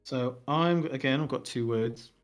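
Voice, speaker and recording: A man's voice: mid-range voice, unhurried. A man co-hosting a casual podcast, teasing his friend and chipping in with short quips. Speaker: podcast co-host. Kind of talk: casual chat. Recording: faint background music.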